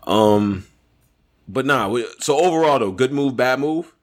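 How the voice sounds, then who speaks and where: A man co-hosting a casual podcast chat, animated and often laughing, his voice jumping high when amused. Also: unhurried. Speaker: podcast co-host.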